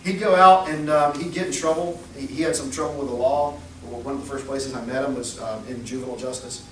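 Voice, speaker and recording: A young adult man preaching a sermon, telling Bible stories in a lively way and acting out the people he quotes. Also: medium pitch, brisk, a little hiss or hum. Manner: animated storytelling, acts out quoted voices. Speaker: pastor. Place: church sanctuary. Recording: echoey church recorded from far off.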